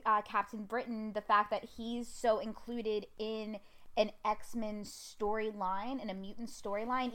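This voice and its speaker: A woman co-hosting a casual comics podcast, chatty and full of fillers like "um" and "like". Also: mid-range voice. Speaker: podcast co-host. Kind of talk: casual fan discussion.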